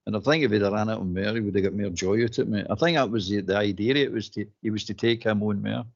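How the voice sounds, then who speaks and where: A man's voice: on the low side, fast, gravelly, lo-fi sound. A man with a Scottish accent giving blunt football opinions in casual chat, calling everyone mate. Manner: blunt, says mate a lot, fiery opinions.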